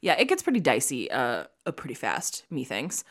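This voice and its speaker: Low-voiced opinionated young woman. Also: huge pitch swings, normal speed, a bit bright. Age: young adult. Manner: opinionated, emphatic, chatty. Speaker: podcast co-host. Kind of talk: casual chat.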